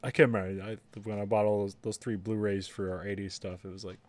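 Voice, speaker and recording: A man's voice: on the low side, level tone, fast, darkish tone, a little hiss or hum. A man co-hosting a casual podcast chat, rambling, trailing off and laughing often. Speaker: podcast co-host.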